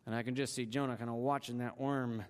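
A man's voice: mid-range voice, fairly even intonation, fast, background noise. A man preaching a sermon, retelling a story with dramatic shifts in pace and emphasis. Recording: long hall reverb.

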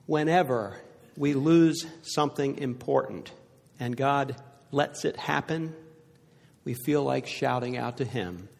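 An older man preaching a sermon to a congregation, telling stories earnestly and growing hushed at the sad parts. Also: medium pitch, takes it slowly, creaky. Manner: earnest storytelling, dropping to a hushed voice for sad points. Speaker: pastor. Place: church sanctuary before a congregation. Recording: echoey hall reverb.

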